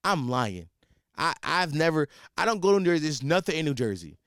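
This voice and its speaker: Brief: male comedy podcaster, slightly high voice, profane and digressive, dry close sound. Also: brisk, smooth, no echo. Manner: animated, profane, rambling. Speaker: podcast host. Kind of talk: comedic storytelling.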